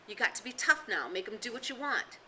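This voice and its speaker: Woman voicing a worried young leader, careful and pleading, bright timbre. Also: on the high side, big pitch swings, fairly quick, breathy edge, voice pushed up, exaggerated voice, poor audio. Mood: anxious. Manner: urgent, cautious, pleading. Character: troubled young schoolboy chief, earnest.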